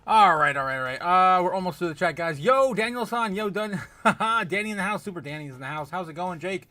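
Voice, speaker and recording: A man's voice: high voice, expressive, fairly quick, bright, forceful tone. A man hosting a casual livestream, greeting viewers by name, laughing often and rambling with lots of fillers. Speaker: livestream host. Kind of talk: casual livestream chat reading viewer comments.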